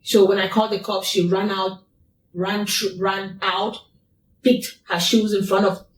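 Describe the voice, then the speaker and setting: A woman's voice: mid-range voice, level tone, a little slow, slight background noise. A woman guest in an interview, telling a personal story in a repetitive, emphatic way. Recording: echoey room, distant mic.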